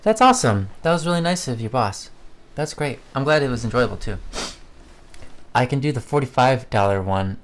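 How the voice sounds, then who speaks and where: A man's voice: medium pitch, lively intonation, moderate pace. A man co-hosting a livestream, reading viewer chat aloud in rambling, casual talk full of fillers and restarts.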